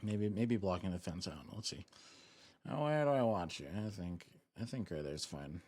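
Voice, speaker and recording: Young male streamer, low voice, lively swings, talking around a lollipop, rambling jokey chat. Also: moderate pace. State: sucking a lollipop while talking. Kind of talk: casual live-stream chat.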